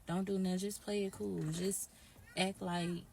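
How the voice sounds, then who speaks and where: A woman voicing her scheming young female friend, coaxing and low-key. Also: level tone, measured pace, gravelly, warm tone, slight background noise.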